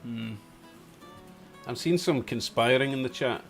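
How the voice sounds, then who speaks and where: A man's voice: medium pitch, measured pace, faint music behind. A man from Glasgow with a Glaswegian accent, chatting casually on a live stream as host and answering viewers in the chat. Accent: Glaswegian Scottish. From Scotland. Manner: chatty, reads out chat comments, chuckles to himself. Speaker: model railway livestream host.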